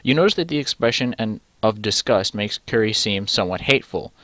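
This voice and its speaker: A young man with a low voice reads a text adventure game aloud, stopping mid-line to weigh each choice with rambling, self-interrupting commentary. He swears casually. The sound is dry and close, as from a desk mic. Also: animated, brisk, a bit bright, dry recording. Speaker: let's-play host.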